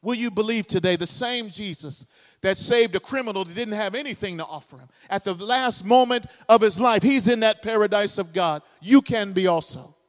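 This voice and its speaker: High-voiced impassioned preacher man. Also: long reverb tail. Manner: impassioned, builds to shouting, rapid rhetorical questions. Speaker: pastor. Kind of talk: sermon. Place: church sanctuary, live congregation.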